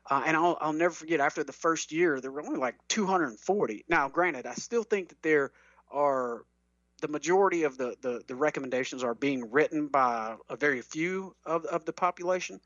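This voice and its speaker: A man's voice: mid-range voice, a bit bright, no echo. A man who talks earnestly about medical cannabis, rambling along with fillers and restarts. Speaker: cannabis advocate speaker. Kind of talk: conversational talk. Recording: dull dry lo-fi sound.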